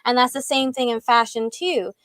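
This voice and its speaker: A woman's voice: a little high, steady tone, normal speed, fairly bright tone, no echo. A woman speaking as a panelist with a fashion design background on a video call, explaining steadily and articulately.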